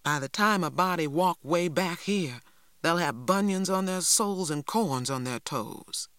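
Lady doing a bossy kid, high pushy voice, dry close mic. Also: expressive, measured pace, a bit bright, no room sound. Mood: grumbling. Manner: eager, pushy, higher-pitched. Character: spirited young Southern girl, impatient and blunt.

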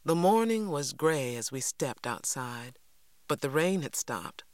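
A man reading a first-person story aloud with steady, expressive narration. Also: on the high side, measured pace, no room sound, studio quality. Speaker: audiobook narrator.

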